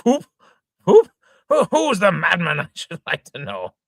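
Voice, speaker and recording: A man's voice: high-pitched, wildly swooping pitch, unhurried, creaky, no echo, clean studio sound, exaggerated voice. A man doing a blustering, hot-tempered old father. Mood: indignant. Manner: sputtering oaths, exclaiming, shouting indignantly. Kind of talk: amateur reading of an old stage farce.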